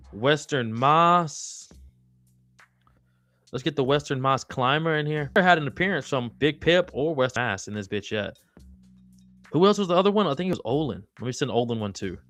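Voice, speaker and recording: A man's voice: a little high, a bit bright, no room sound. A man hosting a live-stream sports talk show, casual, slangy and profane, calling viewers and guests brother and dog. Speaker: podcast host.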